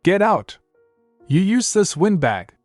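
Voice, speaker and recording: A man's voice: a little high, a little fast, dry recording, faint music behind, voice pushed up, close to an everyday voice. A man voicing a vain, petty young king who blusters indignantly, in a comic recap story. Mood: furious.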